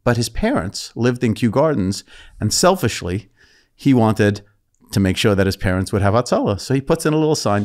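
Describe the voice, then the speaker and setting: A man's voice: on the low side, big pitch swings, moderate pace, a little mellow. A man in his fifties, born in England, with a New York accent, telling stories and joking as a podcast guest. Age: 50s. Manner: storytelling, joking, laughs easily. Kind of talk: casual interview.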